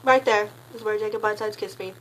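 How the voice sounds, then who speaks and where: A teenage girl telling a story in a casual vlog, gushing and rambling, packing her sentences with "like" and jumping into excited high squeals. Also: fast talker, a little hiss or hum, rough recording. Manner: gushing, rambling, heavy use of "like"; bursts into high excited squeals when quoting. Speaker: concert fan recounting a meet and greet.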